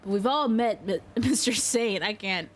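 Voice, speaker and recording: A woman's voice: medium pitch, moderate pace. A young woman streaming a game, reading its lines aloud and reacting with lots of laughter. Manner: laughing, animated reactions to the story. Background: game music.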